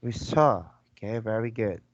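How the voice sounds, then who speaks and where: A man's voice: lowish voice, normal speed, no echo. A man teaching an online English lesson, patiently prompting and repeating words for his student. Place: video call. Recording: dull lo-fi call audio.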